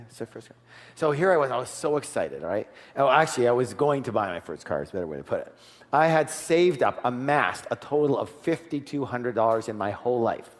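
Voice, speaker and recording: Middle-aged male seminar speaker, animated storyteller, mid pitch, long hall reverb. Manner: animated storytelling, acts out dialogue, asks the audience. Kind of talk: live motivational seminar talk.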